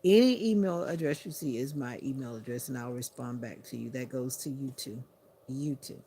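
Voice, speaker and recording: A sleepy woman hosting a livestream, chatting to viewers in an unhurried, casual way. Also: a bass voice, mellow, a little hiss or hum. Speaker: livestream host.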